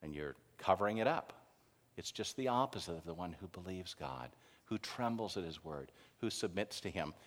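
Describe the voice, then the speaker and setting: A man delivers a sermon from the pulpit, his pitch swinging widely as he drives home each point. He builds often to loud, emphatic lines, and his voice rings with the long reverb of a large sanctuary. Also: moderate pace. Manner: animated preaching, rising to loud emphasis. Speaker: pastor.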